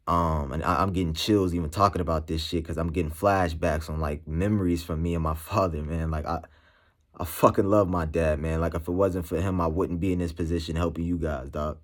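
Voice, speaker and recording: A man speaking candidly to camera as a motivational vlogger, halting and slangy, full of "you know" fillers. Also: low-pitched, fairly even intonation. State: emotional, shaken. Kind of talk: candid personal monologue to camera.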